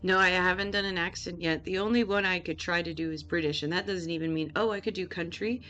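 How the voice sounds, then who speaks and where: A woman's voice: fairly low pitch, fairly even intonation, fast talker, a bit bright, faint music behind. A woman streamer talking casually and joking with chat while playing a game. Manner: chatty, joking, reacting to chat.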